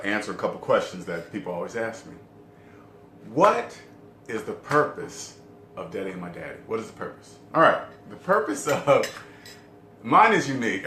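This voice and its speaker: A middle-aged man vlogging casually to camera about debt-free living. He talks emphatically, repeats his key points and keeps asking the viewer questions. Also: sharp tone. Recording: roomy echo with faint rumble.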